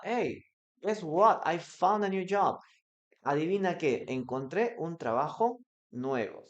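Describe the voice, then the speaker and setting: Teacher, mid-pitched voice, casual bilingual lesson, acts out example dialogues, slightly muffled lo-fi audio. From Peru. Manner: acts out short example dialogues, tags explanations with "no?". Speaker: online English teacher. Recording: slightly dull lo-fi recording.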